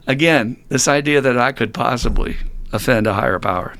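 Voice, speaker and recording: A middle-aged man talking casually on a recovery podcast, blunt, animated and laughing often as he swears freely. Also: medium pitch, normal speed. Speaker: podcast host.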